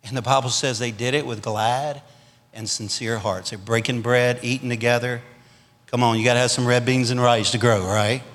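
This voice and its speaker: Southern guy preaching, lively storyteller, gets loud then real quiet, big echoey church hall. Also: mid-range voice, moderate pace. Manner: animated, swinging from loud punches to quiet asides. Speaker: pastor. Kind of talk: storytelling revival sermon.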